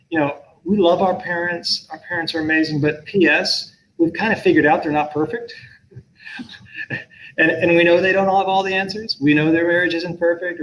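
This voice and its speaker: Middle-aged male professor, earnest and reflective, a bit high-pitched, faint noise behind him. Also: a bit bright, poor audio. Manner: thoughtful, earnest, with frequent restarts. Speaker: professor and guest speaker. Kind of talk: conversational talk on a video call.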